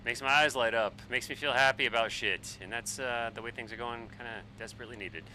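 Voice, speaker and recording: A man in his forties, a bit tipsy on wine, rambling and swearing excitably while chatting on a flight sim live stream. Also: medium pitch, fast talker, a little hiss or hum, poor audio. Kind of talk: casual live-stream chat while flying.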